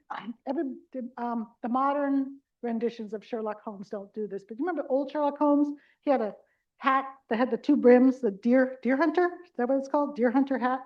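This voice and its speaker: A middle-aged woman leading a live dementia care workshop, chatty and animated, acting out little caregiver scenes and talking with the audience. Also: sits high, lo-fi sound. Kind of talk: live conference workshop talk. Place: conference room before a live audience.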